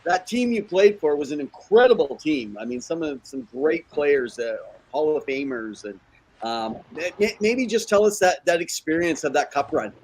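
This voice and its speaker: A man's voice: a little high, expressive, normal speed, a little hiss or hum, low-quality recording. A man hosting a casual hockey podcast, asking a guest friendly questions. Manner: brief backchannels and friendly questions. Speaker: podcast host. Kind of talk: casual interview.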